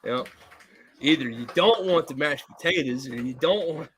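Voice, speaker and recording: A man's voice: on the high side, normal speed, slight background noise. A man co-hosting a podcast, telling a rambling story in casual chat, swearing freely and acting out the people he quotes. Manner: profane, animated storyteller who acts out quotes. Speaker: podcast co-host.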